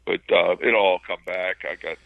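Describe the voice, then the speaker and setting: A man's voice: sits low, fairly even intonation, a little fast, creaky, no echo. A man calling into a casual show, telling amused anecdotes and laughing along. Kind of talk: casual radio show chat. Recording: tinny dry phone line.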